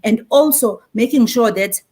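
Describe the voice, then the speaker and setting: Pitched a little high and speaking at a measured pace, a South African marketing speaker in her forties gives an animated conference panel talk. Her accent is Zulu-inflected, and Zulu phrases pepper her speech.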